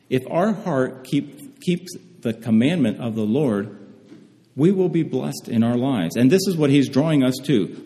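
A man preaching a sermon, reading scripture slowly and measuredly, often pausing and restarting phrases. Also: mid-range voice, expressive, warm tone. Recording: reverberant hall.

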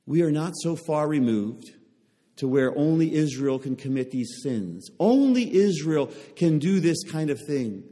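Preaching man with a mellow, fairly high voice. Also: expressive, unhurried, in a large hall. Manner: repeated rhetorical questions to the congregation. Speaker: pastor. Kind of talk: sermon.

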